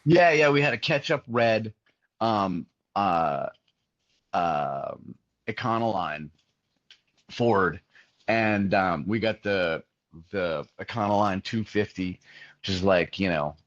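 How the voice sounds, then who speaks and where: Man, low voice, rambling anecdotes, muffled dry sound, lots of "um" and "like". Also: animated, slow pace, pauses often, fairly bright tone, dry recording. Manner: rambling, many fillers and restarts. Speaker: musician, interview guest. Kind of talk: casual storytelling interview.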